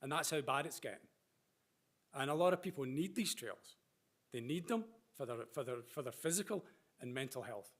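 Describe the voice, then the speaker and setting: A man's voice: mid-range voice, lively intonation, normal speed. Earnest man addressing a meeting. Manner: earnest, rambling, apologetic. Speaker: member of the public. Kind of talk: public comment at a meeting.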